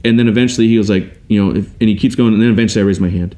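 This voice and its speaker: A man telling a personal story in a casual, animated way, often restarting and acting out what people said. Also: fairly low pitch, rapid-fire. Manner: animated, quotes others in acted voices, restarts often.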